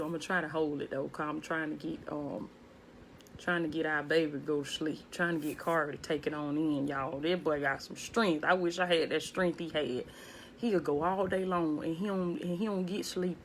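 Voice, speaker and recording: Speaking from home, a low-voiced woman chats casually with her live-stream audience, greeting viewers by name along the way. Her delivery is laid back and hushed, with fairly even intonation and a normal speed. The phone recording carries a faint underlying noise.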